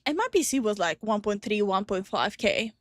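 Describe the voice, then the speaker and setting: A young woman co-hosting a casual reaction stream, giggly and animated, laughing often between remarks. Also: mid-range voice, moderate pace, no room sound, clean studio sound. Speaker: VTuber co-host.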